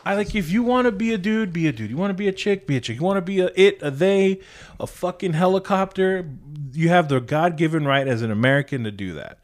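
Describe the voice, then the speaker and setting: A man's voice: high-pitched, lively intonation, fast talker. A man hosting a podcast in casual, blunt, heavily profane chat. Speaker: podcast host.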